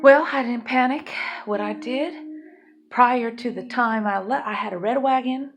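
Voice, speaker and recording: A woman's voice: on the high side, unhurried, faint music behind. A woman telling her own life story as a mother, emotional and rambling, speaking bluntly and swearing.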